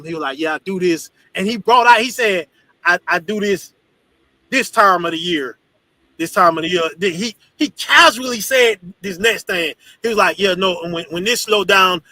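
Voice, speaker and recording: A man teaching a congregation in an animated, profane, storytelling preaching style. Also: high-pitched, no room sound, poor audio. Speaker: religious teacher.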